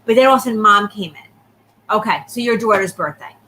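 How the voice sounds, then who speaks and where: A woman giving a live psychic reading, talking quickly and checking in often with the person she reads for. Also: mid-range voice, bright, forceful tone, slight background noise, rough recording. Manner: rapid, repeatedly checking in with the sitter. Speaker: psychic medium.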